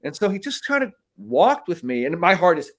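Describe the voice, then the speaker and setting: A man co-hosting a podcast as a mental skills coach, telling a story in a casual, animated way, swearing now and then and often checking in with "right?". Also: high voice, moderate pace.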